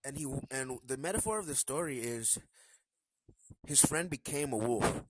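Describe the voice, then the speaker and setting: A man hosting a live stream, telling a story in a casual, animated way and acting out the characters' lines. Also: mid-range voice, moderate pace, no room sound, low-quality recording.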